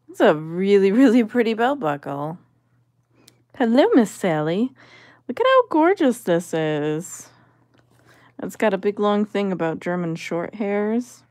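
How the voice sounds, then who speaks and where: A woman's voice: medium pitch, sing-song, measured pace, pauses often, a little mellow, no echo, clean studio sound. A woman vlogger giving casual commentary as she sorts vintage jewelry, musing and appraising each piece aloud.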